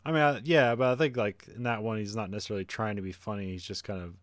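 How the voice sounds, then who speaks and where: A man's voice: on the low side, steady tone, fast, no room sound. Swearing man chatting on a dry mic. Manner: swears casually, laughs often. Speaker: podcast co-host. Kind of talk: casual movie review chat.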